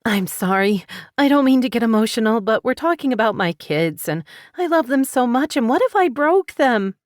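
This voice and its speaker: A woman's voice: lowish voice, lively intonation, normal speed, dry recording, clean studio sound, lightly acted. A woman narrating an audiobook voices an anxious, emotional single mother, speaking with a tearful, pleading lift. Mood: distraught. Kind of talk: audiobook character voice.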